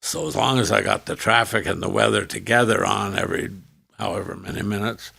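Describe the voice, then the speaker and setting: An older man, a former radio host telling career stories as a podcast guest, animated and acting out the people he quotes. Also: lowish voice, brisk, gravelly, breathy edge, dry recording. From Canada. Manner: animated storyteller who acts out quoted dialogue. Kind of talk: storytelling in a podcast interview.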